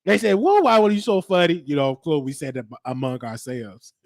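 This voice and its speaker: Animated storytelling man, high voice. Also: normal speed, no room sound, clean studio sound. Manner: animated, acts out quoted voices. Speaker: show host.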